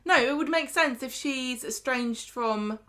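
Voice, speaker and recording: A woman co-hosting a casual podcast, quick and questioning as she argues her points. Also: sits high, fairly bright tone. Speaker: podcast co-host. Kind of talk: casual chat about a TV soap.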